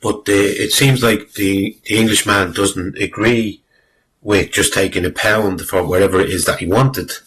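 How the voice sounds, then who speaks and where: A man's voice: lowish voice, steady tone, normal speed, a bit bright, breathy edge, low-quality recording. A man giving rambling, exasperated spoken commentary on a clip, swearing freely and using lots of fillers. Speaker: video commentator.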